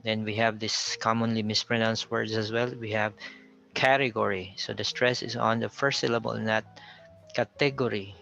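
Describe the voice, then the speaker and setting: A man with a Filipino accent teaching a pronunciation lesson, slowly repeating words to contrast how they sound, with faint music behind him on a lo-fi recording. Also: fairly low pitch, completely flat delivery, creaky, bright, forceful tone. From Philippines.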